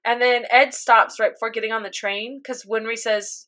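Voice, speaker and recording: Bright-voiced young woman recapping excitedly. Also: normal speed, hardly any pauses. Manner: animated retelling, voicing characters with high squeals and laughter. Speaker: podcast co-host recapping an anime. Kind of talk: casual chat.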